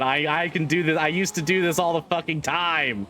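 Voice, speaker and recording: A man's voice: a little high, fairly even intonation, normal speed, hardly any pauses, pushed and bright, slight background noise. A man streaming a driving game live, chatting casually, swearing and repeating himself as he gets frustrated.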